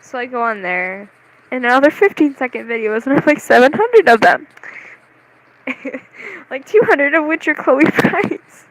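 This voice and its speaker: A young vlogger chatting casually to the camera, rambling and excitable, with lots of "like"s and giggles. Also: high voice, moderate pace, poor audio. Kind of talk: casual vlog chat.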